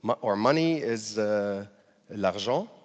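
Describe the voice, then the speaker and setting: A man's voice: mid-range voice, animated, moderate pace, muffled recording. Man giving a talk in a reverberant hall. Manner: conversational, with frequent fillers and light laughs. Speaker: speaker giving a talk on language learning. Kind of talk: public talk to an audience.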